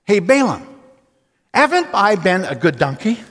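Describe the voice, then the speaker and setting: A man's voice: sits high, very animated, measured pace, a bit bright, exaggerated voice. A man voicing a male talking donkey who reproachfully complains about being mistreated, heard with long hall reverb.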